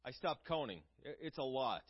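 A man's voice: mid-range voice, lively intonation, moderate pace, breathy edge, muffled recording. A man preaching a sermon in an earnest, conversational way, asking his listeners questions.

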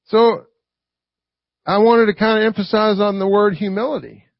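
A man preaches in a high, gravelly, husky voice, keeping the sermon conversational and tossing "right?" back at the congregation. The recording is dry and dull, like a lo-fi church tape. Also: steady tone, normal speed, no room sound.

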